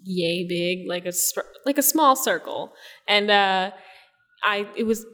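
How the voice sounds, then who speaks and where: A woman's voice: mid-range voice, slow, sharp tone. Young woman, casual rambling storyteller, mid-range voice, reverberant room. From New Jersey Shore. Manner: rambling, laughing storyteller, many likes. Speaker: guest. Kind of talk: casual interview chat.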